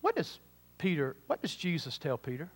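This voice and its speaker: A man preaching a sermon, full of rhetorical questions and quick asides to the congregation. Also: fairly high pitch, wildly swooping pitch, husky. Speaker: pastor.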